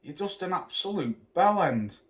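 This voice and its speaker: A boxing commentator vlogger rants angrily to camera about boxing, full of scorn, swearing and name-calling. His voice sits high and sing-song, and he keeps a measured pace.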